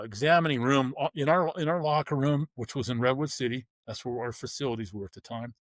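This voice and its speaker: A former pro football player, interviewed as a guest, tells his story bluntly and vividly, acting out the people he quotes. His voice is fairly high, with no echo.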